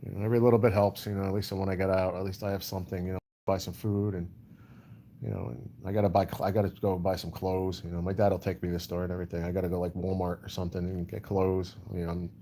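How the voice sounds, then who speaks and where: A man talks loosely to his livestream chat, answering comments one by one. His voice is low and dark, with little rise and fall. A faint background hum sits under the talk. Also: little pitch movement, quick pace. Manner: rambling, repeats "you know", answers chat comments. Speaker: livestream host.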